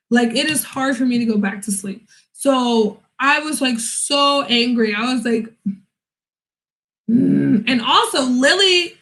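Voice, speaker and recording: A young woman vlogging casually from home, telling a story in a lively way and acting out both sides of conversations. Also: sits high, low-quality recording.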